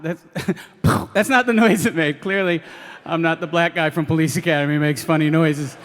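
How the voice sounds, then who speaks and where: A man's voice: on the high side, moderate pace, fairly bright tone, long reverb tail. A man doing live stand-up storytelling, hesitant and full of ums, laughing through his lines. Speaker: stand-up comedian. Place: live radio stage before an audience.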